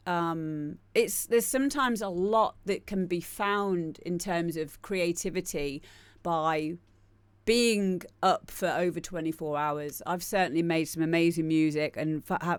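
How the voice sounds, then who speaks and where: A young adult woman, a streamer and music producer, speaks in a lowish, clean voice on a dry recording. Chatting casually on her live stream, she rambles, pokes fun at herself, and frequently restarts her sentences.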